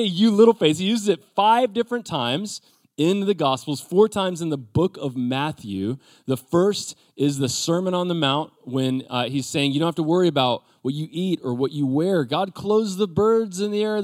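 A male pastor preaching a sermon, acting out quoted voices and dropping to a soft, quiet tone at times. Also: fairly high pitch. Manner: drops to a soft, quiet voice for reassurance.

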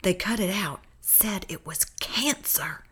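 A woman voicing a frail old man in a hospital bed, speaking weakly and slowly. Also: fairly low pitch, steady tone. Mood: feeble whisper. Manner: weak, whispering, slow speech.

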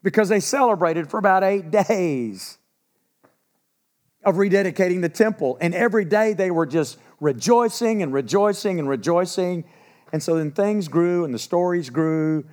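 A pastor delivers a sermon in a church in Texas, telling it as a folksy, lively story. His voice sits high for a man. He drops in asides and acts out quotes as he goes. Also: normal speed. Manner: folksy, animated storytelling with laughs and acted quotes.

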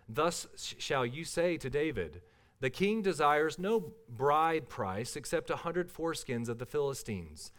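A man in the pulpit, reading scripture slowly and deliberately before moving into his sermon. His voice sits at an ordinary middle pitch. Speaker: pastor.

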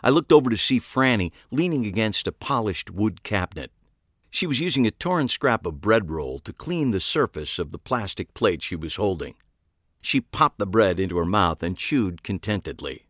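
A man's voice: fairly low pitch, big pitch swings, normal speed, a bit bright, no echo. A man narrating a story in the first person, dry and wry in tone. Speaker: audiobook narrator.

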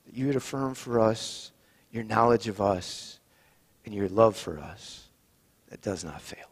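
A man leading a communion service as pastor, reading Scripture and praying in a measured, solemn way. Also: fairly low pitch, expressive. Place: church sanctuary. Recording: long reverb in a church.

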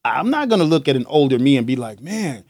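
Animated, joking man hosting a podcast. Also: mid-range voice, fast, dry recording, studio quality. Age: young adult. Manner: animated, joking, laughs often. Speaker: podcast host. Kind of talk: casual monologue.

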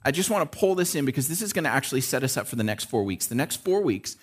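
A man's voice: mid-range voice, very animated, fast talker, breathy edge. A male pastor preaching a sermon in a casual way, checking in with the listeners by asking "right?". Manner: conversational preaching with frequent "right?" check-ins.

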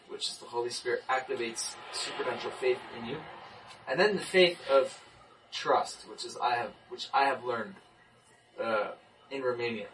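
A man in his twenties tells his story in a group, animated, often repeating and restarting his words. His voice is bright and clear. It is caught from some distance away by the mic. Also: medium pitch, slight background noise. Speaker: person giving a testimony. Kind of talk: casual testimony in a group talk.

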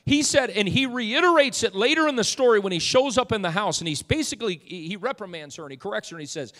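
A male preacher delivering a sermon, swinging from hushed storytelling to loud, fervent shouting. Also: sits high, expressive, fast talker, few pauses. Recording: long hall reverb.

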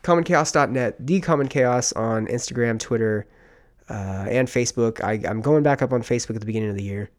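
A man's voice: mid-range voice, brisk. Profane fired-up podcast host man. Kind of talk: casual solo podcast rant.

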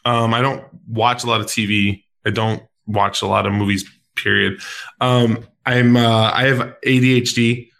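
A man's voice: mid-range voice, level tone, a little slow, gravelly, a bit bright. A man who coaches sports, hosting a casual podcast chat in an upbeat, playful way with frequent fillers.

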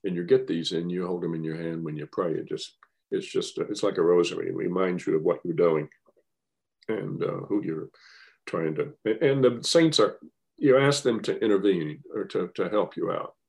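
A man's voice: sits low, normal speed, creaky, darkish tone. An older man, a guest, telling a rambling, wry story in casual chat.

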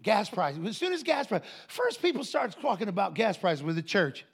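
A man preaching a sermon in a high, gravelly voice. He moves from folksy, joking asides to shouted declarations. His delivery is loose and conversational between the loud peaks. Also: sing-song, normal speed. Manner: swings between quiet asides and shouted proclamation.

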